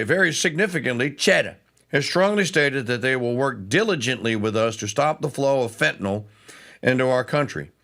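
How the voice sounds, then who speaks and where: A male talk show host with a gravelly voice delivers opinionated political commentary. He makes sarcastic asides. His tone is bright and forceful. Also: mid-range voice.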